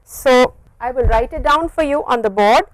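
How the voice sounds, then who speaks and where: A woman lecturing to a university class, patient and clear, repeating phrases slowly to model them. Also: high voice, poor audio. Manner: stretches words to model pronunciation. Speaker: university language teacher.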